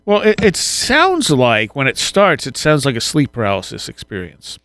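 A man's voice: medium pitch, wildly swooping pitch, moderate pace, a bit bright, no room sound. A man hosting a podcast, chatting casually and reading a listener's story aloud, thinking aloud with fillers and restarts. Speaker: podcast host.

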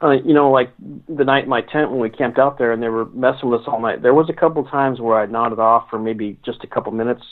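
A male guest telling stories in a rambling, halting way, often restarting his sentences. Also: medium pitch. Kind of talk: casual storytelling. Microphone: phone call. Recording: phone line.

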